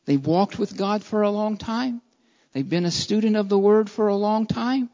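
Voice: medium pitch, moderate pace, long reverb tail. Impassioned preacher on a dull recording. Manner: builds to loud, impassioned repetition, then drops quiet and earnest. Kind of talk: sermon.

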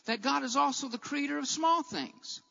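Man preaching, very high gravelly voice, bright edge, muffled recording with a long hall echo. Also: normal speed. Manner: emphatic, repetitive preaching cadence, rising to shouts. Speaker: preacher and Bible teacher. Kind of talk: sermon.

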